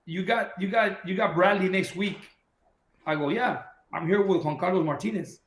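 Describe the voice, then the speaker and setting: A boxing trainer telling a long story in casual talk, acting out the voices of the people in it. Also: male voice, high voice, normal speed, reverberant, low-quality recording. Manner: animated anecdote-telling, acting out quoted dialogue.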